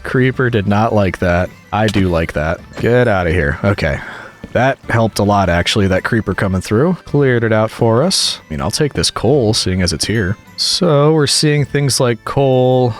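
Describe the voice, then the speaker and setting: A man's voice: on the low side, measured pace, faint music behind. A man giving chatty, jokey let's play commentary, talking to the game's monsters as he plays. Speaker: gaming commentator.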